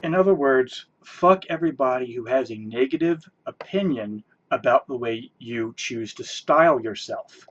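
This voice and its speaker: A man's voice: mid-range voice, animated, normal speed, few pauses, muffled recording. A man ranting in a response video, sarcastic and scornful, mocking the person he answers. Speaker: video commentator.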